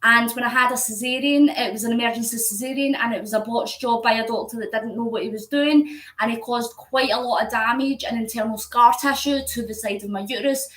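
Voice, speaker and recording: Here a fundraising vlogger from near Glasgow, Scotland, cycles during a live stream, laughing often as she reads out and responds to viewer comments. She sounds a little high and brisk, with a fairly bright tone, on a low-quality, reverberant recording.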